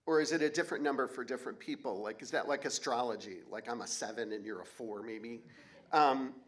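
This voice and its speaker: A man's voice: mid-range voice, brisk. A man in his forties performing a personal story on stage, candid and wry, with blunt swearing. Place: auditorium stage.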